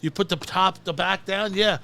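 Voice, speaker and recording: A middle-aged New Jersey man spins a profane story, jumping into the voices of everyone in it. His voice sits high and sounds bright and gravelly, with a tense edge. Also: normal speed. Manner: animated, acts out the voices in his stories, frequent swearing. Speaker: podcast guest, storyteller.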